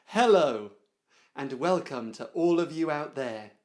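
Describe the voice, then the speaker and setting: A man playing a pompous male politician in a promo sketch, booming and grandly formal in a high, lively voice. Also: slow pace. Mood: grandiose. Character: pompous male politician launching a new party.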